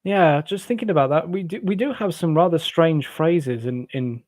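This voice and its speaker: Hosting a late-night stream, this cheerful Englishman reads out chat comments and rambles on, breaking into laughter frequently. He talks at a moderate pace in a higher-than-average, darkish voice, with no room sound in the recording.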